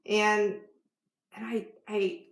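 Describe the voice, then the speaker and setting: A woman's voice: mid-range voice, level tone, very slow, creaky. A woman life coach giving an emphatic motivational vlog talk, laughing often. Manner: bursts into loud yelled affirmations. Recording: echoey room.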